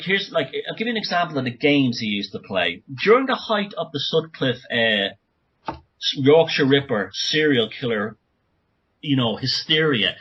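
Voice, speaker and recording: A man talking as a guest author on a podcast interview, speaking urgently in rapid bursts with many restarts. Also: mid-range voice, a bit bright, breathy edge, dull audio.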